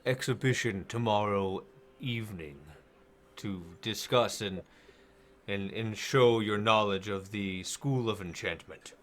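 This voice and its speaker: Brief: man playing a grave, formal wizard councillor, low and measured. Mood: stately.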